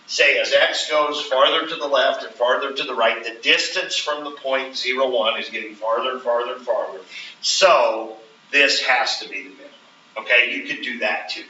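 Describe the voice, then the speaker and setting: Man teaching class, bright and distant. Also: mid-range voice, slight background noise. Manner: explains step by step, checks in with frequent "right?". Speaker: math teacher. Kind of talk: classroom lecture. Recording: roomy, distant, dull classroom recording.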